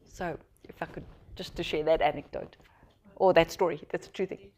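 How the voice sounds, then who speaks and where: A South African woman with a fairly low voice, speaking as a journalist on a panel. She tells her story with animation and loops back on herself as she talks. Her delivery is expressive, and she mimics other people when she quotes them. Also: normal speed. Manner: lively storyteller who acts out quotes, with many restarts. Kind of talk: panel discussion anecdote.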